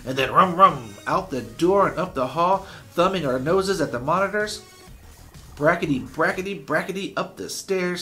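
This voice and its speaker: A man, a teacher, reading a chapter book aloud at an unhurried pace. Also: on the high side, sharp tone.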